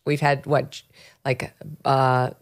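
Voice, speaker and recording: A woman's voice: very deep voice, level tone, slow pace. A middle-aged woman hosting a political talk show, amused and mocking, laughing often between remarks. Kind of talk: casual political commentary.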